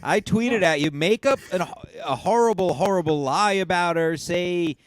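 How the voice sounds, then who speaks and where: A man's voice: high-pitched, measured pace, smooth. A man hosting a podcast, needling his guest with provocative, mock-outraged questions. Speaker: podcast host. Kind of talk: casual podcast banter.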